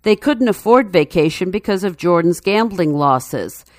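Woman narrating a news feature, low-pitched. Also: expressive, moderate pace, a little mellow, no room sound, clean studio sound.

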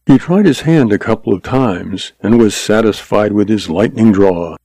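A man narrating a western story in a measured, dramatic reading. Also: lowish voice, mellow, dry recording, rough recording.

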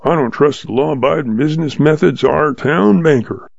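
A man's voice: on the high side, fairly quick, gravelly, dry recording. A man doing a sly, drawling old outlaw. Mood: calm, sly. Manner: patient, drawling, folksy. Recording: dull lo-fi sound.

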